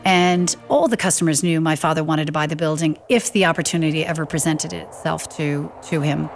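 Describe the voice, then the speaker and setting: A woman's voice: low-pitched, brisk, soft background music. A woman telling a family story, acting out the voices of the people she quotes. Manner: lively storyteller who acts out quoted voices. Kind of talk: anecdotal storytelling.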